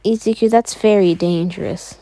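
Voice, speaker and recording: A woman voicing a caring, gentle mother who speaks softly and dotingly. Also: medium pitch, steady tone, normal speed, lightly acted.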